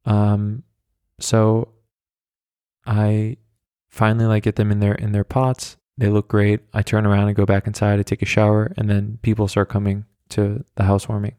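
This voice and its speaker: Podcast host, male, low and even delivery, self-deprecating rambler. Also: normal speed, clear, resonant tone, dry recording, clean studio sound. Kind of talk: casual solo storytelling. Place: his own flat, walking around. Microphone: handheld mic carried around.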